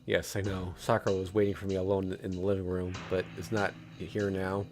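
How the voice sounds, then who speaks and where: Male streamer, low voice, casual joking commentary, faint background music. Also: flat delivery, a little fast. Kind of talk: reading a visual novel aloud with commentary.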